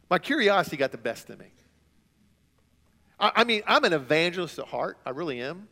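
A man preaching a sermon as a student pastor, telling stories with big swings between quiet and loud. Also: high voice, big pitch swings, fast. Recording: long hall reverb.

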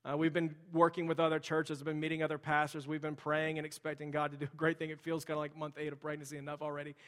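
A young man preaches a sermon in a large church sanctuary, his voice sitting a little high and staying fairly level in pitch. He talks like a pastor chatting with his congregation, slipping in casual asides. A long reverb from the hall trails after every phrase.

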